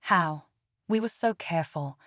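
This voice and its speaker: Brief: a woman reading as a curious young alien woman, formal and measured, slightly low voice, dry close sound. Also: a bit bright, dry recording. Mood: alarmed.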